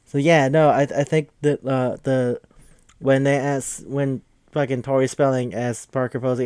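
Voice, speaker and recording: A man hosting a podcast, recapping a film in a rambling, excitable way, swearing often and tripping over his restarts. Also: medium pitch, measured pace, smooth, no echo, studio quality. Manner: rambling, profane and excitable, with many fillers and restarts. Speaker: podcast host reviewing a film.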